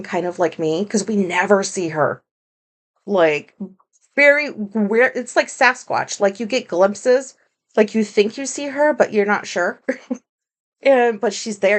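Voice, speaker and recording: A woman hosting her own podcast, talking in a candid, rambling monologue full of fillers and swearing. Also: medium pitch. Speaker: podcast host. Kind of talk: casual solo podcast monologue.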